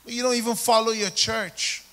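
A pastor with a Jamaican accent preaches a sermon, calling for responses from the congregation and swinging between loud emphasis and quiet asides. His voice is extremely high, with fairly even intonation and a normal speed.

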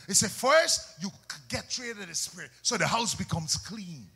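A male preacher, delivering a fiery sermon, shouting and then dropping to soft asides, with call-and-response questions. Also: high voice, expressive, normal speed, gravelly, few pauses, breathy edge. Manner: swings between loud shouts and soft asides.

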